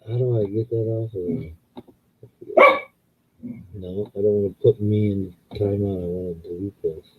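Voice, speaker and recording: A man's voice: fairly even intonation, normal speed, a little hiss or hum. A middle-aged man co-hosting a casual live stream, rambling about his dogs and thanking viewers. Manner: rambling, talks in high baby voice to dogs. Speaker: livestream co-host. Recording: muffled phone-like audio.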